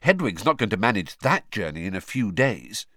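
A man reading aloud and voicing a clever, bossy teenage girl in a brisk, reasoning manner. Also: fairly low pitch, big pitch swings, bright, forceful tone, dry recording, studio quality, heavily acted.

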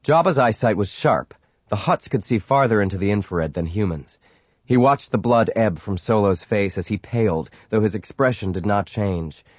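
A man reading a story aloud in scripted narration, steady, with quiet, clipped lines for the hero. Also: fairly low pitch, normal speed, breathy edge, no echo. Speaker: audiobook narrator. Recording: dry, dull lo-fi audiobook recording.

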